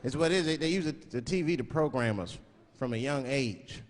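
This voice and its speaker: A man's voice: medium pitch, brisk. A male stand-up comedian telling a profane story in a loose, rambling way, acting out quotes, recorded live on stage. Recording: live show with loud audience noise.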